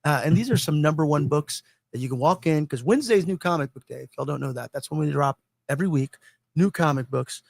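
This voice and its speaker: A man's voice: on the high side, animated, fast talker, creaky, darkish tone, no echo. Laughing, rambling podcast host, male. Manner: laughs often, rambling and profane. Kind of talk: casual chat.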